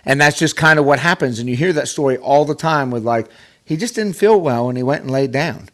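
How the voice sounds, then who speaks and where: A man guest on a podcast, telling a personal story in a casual, animated way with many restarts. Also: mid-range voice, fairly quick. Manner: animated, acts out quoted voices, many restarts. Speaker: podcast guest, pro golfer.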